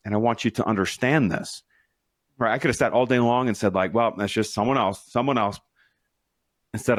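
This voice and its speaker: A man's voice: lowish voice, dry recording, clean studio sound. A middle-aged man hosting a solo podcast as a leadership coach, telling stories in an earnest, motivational, conversational way.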